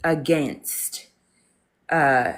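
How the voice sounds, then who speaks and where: A woman's voice: deep voice, extremely slow. A woman joining a book discussion over a video call, talking animatedly with many fillers and acted-out quotes. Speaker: discussion participant. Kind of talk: casual literary discussion.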